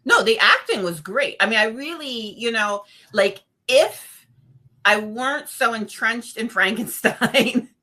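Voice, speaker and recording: Woman horror reviewer, casual chat, bright forceful voice, animated reactions. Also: on the high side, unhurried. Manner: expressive, animated, acts out reactions. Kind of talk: casual film discussion.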